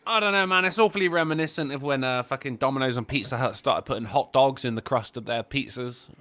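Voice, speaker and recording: A man's voice: medium pitch, fast talker, bright, forceful tone. A man co-hosting a casual stream chat, swearing freely and cracking sardonic jokes. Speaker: stream co-host.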